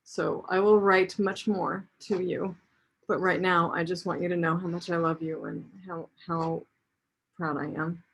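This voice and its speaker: A woman's voice: on the low side, fairly even intonation, a little slow, vocal fry, a bit bright, slight background noise, low-quality recording. A woman giving an emotional farewell to a student on a video call.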